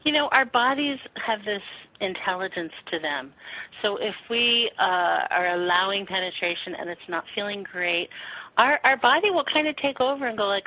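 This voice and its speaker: A woman sexuality teacher answering interview questions frankly and warmly, acting out little quotes as she explains. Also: medium pitch, moderate pace. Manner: frank, animated, acts out quotes with laughs. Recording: tinny phone-line sound.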